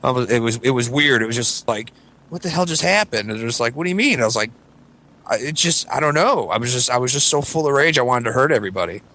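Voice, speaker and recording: A man's voice: mid-range voice, fast talker, bright, forceful tone. A man in his thirties telling a story on a casual podcast, rambling and swearing, acting out voices from the story. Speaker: podcast co-host.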